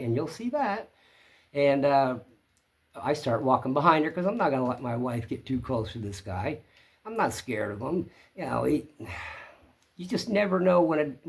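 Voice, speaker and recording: A man hosting his own channel, telling a story to camera in a plainspoken, rambling way. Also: on the high side. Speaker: channel host.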